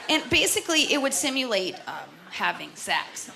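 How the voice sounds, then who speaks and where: A woman's voice: high-pitched, sing-song, normal speed, vocal fry. Woman doing stand-up in a noisy club. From Canada. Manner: chatty, self-deprecating, voices for characters. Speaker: stand-up comedian. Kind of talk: stand-up comedy set. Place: comedy club stage with audience laughter. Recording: noisy live club recording.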